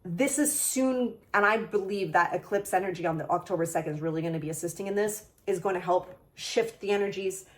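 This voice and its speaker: A woman's voice: medium pitch, a little hiss or hum. A woman giving a channeled tarot reading, enthusiastic and affirming as she speaks straight to the viewer. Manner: enthusiastic, excitable, gushing; spiritual, affirming tone addressing the viewer directly. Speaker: tarot reader.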